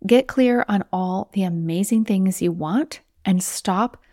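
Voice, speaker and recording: A woman's voice: medium pitch, slow pace, dark tone, no echo, clean studio sound. A woman hosting a solo podcast as a weight loss coach, talking in an encouraging, conversational way and sometimes acting out inner voices.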